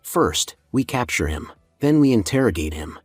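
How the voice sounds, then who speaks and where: A man's voice: mid-range voice, sing-song, moderate pace, slightly rough, no room sound, studio quality, soft background music. A man playing a ruthless commanding boss. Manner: firm, commanding. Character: firm, ruthless male organization boss.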